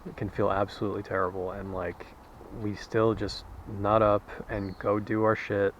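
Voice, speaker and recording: A man's voice: fairly low pitch, completely flat delivery, moderate pace, highs cut off, slight background noise. A man vlogging while out walking, rambling candidly in a casual monologue and swearing freely. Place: outdoors, walking.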